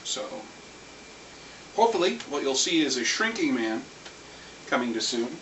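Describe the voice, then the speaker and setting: A man ranting casually about anime, rambling and animated, swearing now and then. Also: mid-range voice, measured pace. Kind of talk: casual rant. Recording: echoey room, far from mic, faint hiss.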